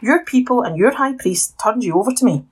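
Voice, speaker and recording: A woman voicing Pilate, a stern and uneasy Roman governor, in a husky, questioning tone in a Bible story reading. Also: a little high, animated, fairly quick. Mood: sharp questioning.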